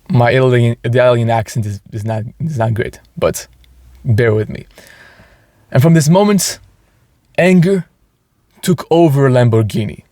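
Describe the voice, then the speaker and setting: A man's voice: medium pitch, mellow, no room sound, studio quality. A man hosting a motivational podcast, talking earnestly and enthusiastically, with frequent restarts. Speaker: podcast host.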